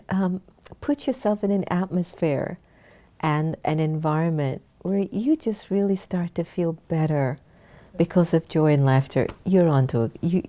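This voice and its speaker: A woman's voice: fairly low pitch, mellow. A woman hosting an online talk show, speaking in a chatty, encouraging way to her viewers. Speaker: host.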